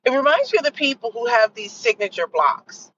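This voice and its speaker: A middle-aged woman talks casually to her listeners as a podcast host, animated and quick to act out other people's lines. She sits a little back from a dull-sounding mic. A faint hiss runs underneath. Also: fairly high pitch. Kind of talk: casual storytelling monologue. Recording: distant muffled mic with faint noise.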